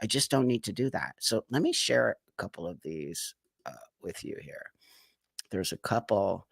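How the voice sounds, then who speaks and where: A man's voice: fairly low pitch, very animated, moderate pace, vocal fry, breathy edge, dry recording, clean studio sound. A man hosting a live stream, giving emphatic, indignant commentary with many rhetorical questions. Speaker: livestream host.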